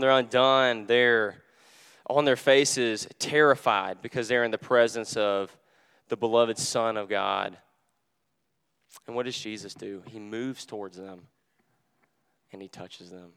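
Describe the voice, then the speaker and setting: A young man preaching a sermon in a conversational, animated way, full of fillers, and dropping to a hush for quoted words. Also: mid-range voice, creaky, clear, resonant tone. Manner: drops to a hushed voice when quoting Jesus.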